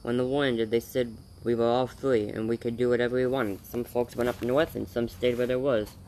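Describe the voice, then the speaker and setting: A weary drifter, hungry and grateful, answers in humble rural talk, read by a man. His voice sits at an ordinary middle pitch for a storybook reading. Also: little pitch movement, a little fast, a little mellow, a little hiss or hum, lightly acted, poor audio. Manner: folksy rural speech, eager and polite.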